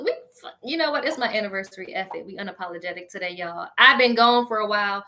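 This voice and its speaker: Talking fast in a mid-range voice, this podcast host rants straight to her listeners. It's casual comedy with a sassy, petty edge, animated throughout and punctuated by frequent laughter.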